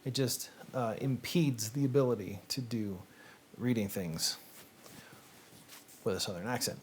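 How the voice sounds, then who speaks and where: A man hosting a casual reading show, chatting to camera in a rambling, hesitant way with many fillers and quiet asides. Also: medium pitch, a little slow, a little hiss or hum. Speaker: host.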